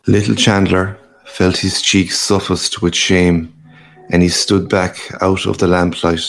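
A man reading a literary story aloud in a measured, grave manner. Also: sits low, flat delivery, gravelly, a bit bright, faint music behind. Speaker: narrator. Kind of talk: audiobook reading.

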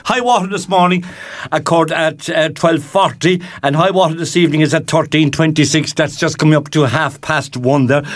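Irish male community radio host, jovial and chatty, voice sits fairly high, studio. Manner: jovial, chatty, with lively jumps in pitch. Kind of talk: casual chat.

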